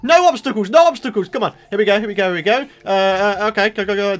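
Excitable man ranting over gameplay. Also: high-pitched, rapid-fire, few pauses. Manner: excitable, exasperated ranting with outbursts. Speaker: gaming channel host. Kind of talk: let's play commentary.

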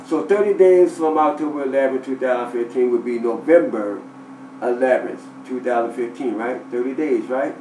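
A man's voice: mid-range voice, normal speed, mellow, a little hiss or hum. A man telling his side of a dispute with his landlord, emphatic, repeating points and quoting what others told him. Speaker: tenant telling his story. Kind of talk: animated personal account. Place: inside a rented house. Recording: echoey room, voice from far off.

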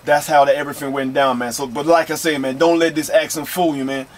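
A man's voice: a little high, fairly even intonation, fast. A man from London with an American Southern accent, a rapper guest talking laid-back and slangy in a radio studio. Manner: laid-back, slangy, many fillers like "man" and "you know". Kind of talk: casual radio interview.

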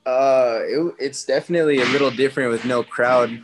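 A young man from New Mexico, a guest fighter talking casually in an interview, relaxed and slangy. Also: mid-range voice, a little fast. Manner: relaxed, slangy, retells talks with others in quoted bits.

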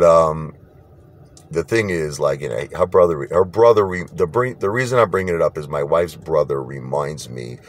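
A man's voice: very deep voice, slight background noise. A man ranting casually to camera in a blunt, rambling way, often repeating himself. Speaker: vlogger.

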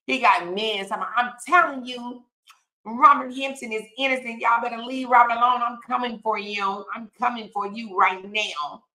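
A woman's voice: fairly high pitch, fairly even intonation, normal speed, sharp tone. A woman hosting a casual livestream, reading viewer comments aloud, laughing often and calling her viewers y'all, child and honey. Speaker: livestream host. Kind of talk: casual live-stream chat reading comments.

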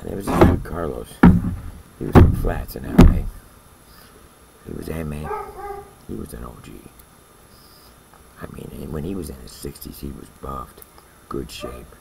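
A man's voice: deep voice, creaky, a little hiss or hum, rough recording. An older man who served time in prison, casually telling a story in a blunt, profane way and often checking in with "all right?".

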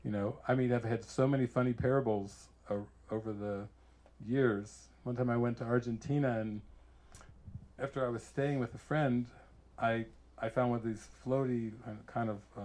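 An American man, a spiritual teacher, giving an informal retreat talk full of lively personal stories, laughing often and acting out what others said. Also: medium pitch. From United States. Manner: animated storyteller who laughs often and acts out quotes.

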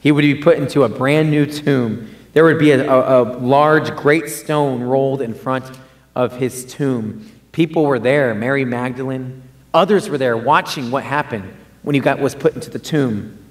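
A man's voice: mid-range voice, moderate pace. A man preaching a sermon in a conversational way, often repeating and restarting words and rising for emphasis.

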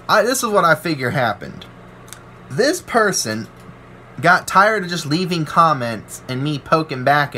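A welder rants to his viewers, rambling and aggrieved as he retells the trouble in other people's voices. His voice is bright and forceful, pitched a little high, and a faint room noise sits under it. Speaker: welder and channel owner. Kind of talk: ranting to camera.

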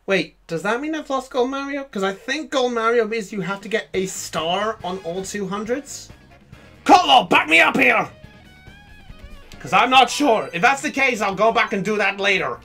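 An excitable man commentates his own gameplay on a live stream, his high, bright voice swooping up and down as he reacts. He laughs often and calls out to his viewers between moments of play. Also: moderate pace, faint music behind. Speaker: game streamer.

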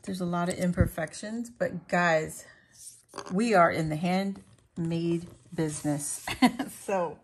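A woman talks her viewers through her latest craft pieces in a relaxed, chatty vlog. She takes her time, with a voice that sits a little low, and she laughs easily as she goes. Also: noisy background. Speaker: crafting vlogger.

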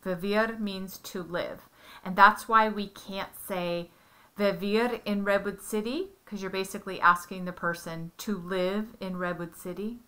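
Slow, patient woman tutoring. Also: mid-range voice, fairly even intonation, sharp tone. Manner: patient, explains step by step with examples. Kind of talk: one-on-one Spanish lesson.

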